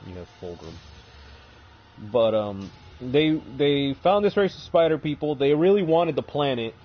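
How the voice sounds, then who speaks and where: A man's voice: on the high side, lively intonation, a little slow. Rambling, swearing man on a lo-fi mic. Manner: casual, rambling, heavy swearing. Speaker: gaming streamer. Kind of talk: casual lore retelling while playing.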